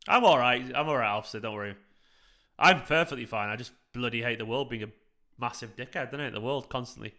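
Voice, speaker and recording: A man hosts a live football watchalong in a bright, forward voice. He chats loosely with his viewers and breaks off to react to the match. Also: mid-range voice, fast. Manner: chatty, reacts to the match while answering viewers. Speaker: fan channel host.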